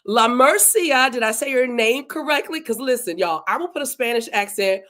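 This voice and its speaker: A woman's voice: on the high side, animated, normal speed, fairly bright tone. A woman hosting a live podcast, greeting viewers one by one and talking to them in an effusive, repetitive way. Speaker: podcast host. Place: home in Delaware.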